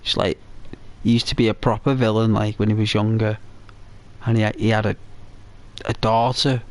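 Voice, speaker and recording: A man's voice: lowish voice, little pitch movement, normal speed. A man casually chatting while playing a game, rambling and hesitant, full of fillers and restarts. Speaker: gaming channel host.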